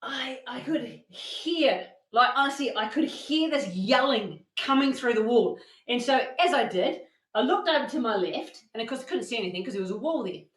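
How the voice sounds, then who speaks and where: A woman with a fairly high voice presents a motivational masterclass. She tells her stories with plenty of energy and acts out what people said. The room around her has a noticeable echo. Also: normal speed. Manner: animated storytelling with acted-out quotes. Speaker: workshop presenter.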